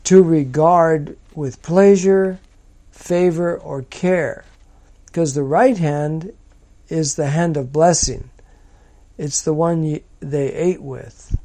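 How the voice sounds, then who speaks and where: A man teaching from a psalm in a slow, deliberate, emphatic manner. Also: a little high, dark tone. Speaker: preacher.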